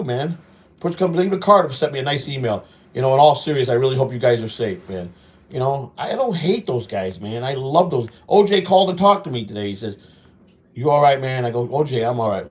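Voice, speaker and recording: A man hosting his own vlog, talking in a rambling, profane monologue at home during a hurricane. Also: on the high side. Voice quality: profane, repetitive, says "man" often. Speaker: vlog host.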